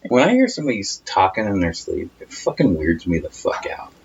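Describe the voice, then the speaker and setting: A man's voice: deep voice, big pitch swings, brisk, gravelly, a little mellow. A man co-hosting a casual podcast, swearing freely and acting out the voices of people in his stories. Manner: swears freely, acts out quoted voices animatedly. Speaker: podcast co-host. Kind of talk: casual chat. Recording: dull lo-fi sound with faint noise.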